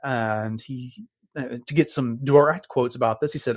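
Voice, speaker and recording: A man co-hosting a fan podcast, talking casually and with excitement, often pausing with fillers. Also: medium pitch, dry recording, clean studio sound. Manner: enthusiastic fan, relaxed with fillers. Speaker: podcast co-host. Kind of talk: casual chat.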